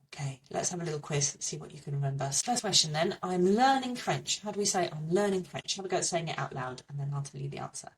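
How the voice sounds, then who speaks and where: A woman teaching beginner French, slowly repeating each phrase with care. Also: sits low, animated, far from the mic. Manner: slow, careful repetition of phrases. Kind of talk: beginner language lesson.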